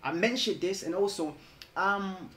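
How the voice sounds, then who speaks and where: A man's voice: sits high, measured pace, fairly bright tone, roomy sound. A man hosting a casual group chat, talking in long rambling stretches with many restarts. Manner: rambling, restarts often, laughs a lot. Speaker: host.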